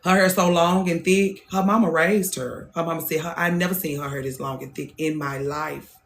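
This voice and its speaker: A woman's voice: sits low, fairly even intonation, moderate pace. A woman in her thirties, a hairstylist hosting a show, talking in a blunt, profane, casual monologue and repeating phrases for emphasis. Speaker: hairstylist and podcast host.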